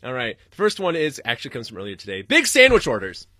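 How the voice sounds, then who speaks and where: A man's voice: medium pitch, huge pitch swings, fast, sharp tone, dry recording, studio quality. A young man hosting a podcast, ranting and rambling solo with lots of swearing and laughter. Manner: rambling, profane, laughing ranter. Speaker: podcast host.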